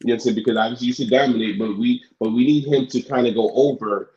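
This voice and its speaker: A man playing a persuasive male wrestling executive in a role-play bit, repeating himself as he makes his pitch. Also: fairly even intonation, quick pace, dark tone, muffled recording, lightly acted.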